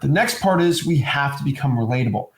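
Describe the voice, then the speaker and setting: A man's voice: medium pitch, lively intonation, brisk, roomy sound, low-quality recording. A man co-hosting a casual chat, talking animatedly and breaking into mock salesy voices. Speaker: co-host.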